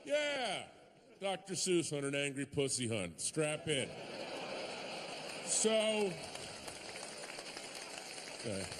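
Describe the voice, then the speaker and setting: A male stand-up comic with a fairly high, wildly lively voice that swings up into shouted bits. He works a large theater stage on a handheld mic. His voice rings out into a hall with a long reverb tail. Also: extremely slow, pauses often, background noise. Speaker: stand-up comedian. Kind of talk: stand-up comedy.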